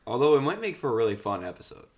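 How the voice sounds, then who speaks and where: A man's voice: medium pitch, sing-song, very fast, a little mellow. A young man co-hosting a podcast, tired and easygoing, prompting his partner with questions and short replies. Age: young adult. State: tired, just woke up. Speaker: podcast co-host. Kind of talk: casual chat.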